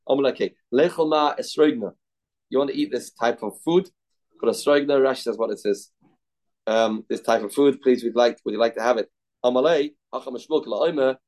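Guy teaching talmud, acts out the back and forth, mid pitch, tosses in aramaic words. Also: low-quality recording. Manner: animated, voices the rabbis' dialogue, mixes Aramaic terms into English. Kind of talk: daf yomi lesson, retelling a Talmud story.

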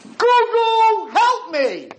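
Male lecturer doing a frantic captive king, shrill shouting, high. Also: sing-song, slow, exaggerated voice. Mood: frantic screaming. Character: desperate captive king screaming for help.

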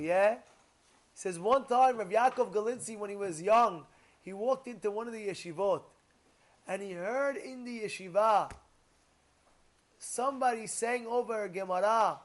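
A man giving an animated sermon, telling stories and rising to near-shouts. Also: high-pitched. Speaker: rabbi teaching Torah.

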